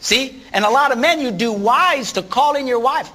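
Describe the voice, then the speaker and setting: Man guest preacher, lively swooping delivery, bright tone. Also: very high-pitched, normal speed, a little hiss or hum. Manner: animated, acts out stories in voices. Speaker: guest speaker. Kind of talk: preaching talk on a Christian talk show.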